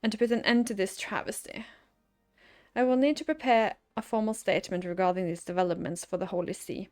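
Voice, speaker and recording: A woman voicing a stern older noble lord in a fantasy game, reading his lines in a formal, measured way. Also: mid-range voice, steady tone, darkish tone, soft background music, lightly acted. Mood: indignant.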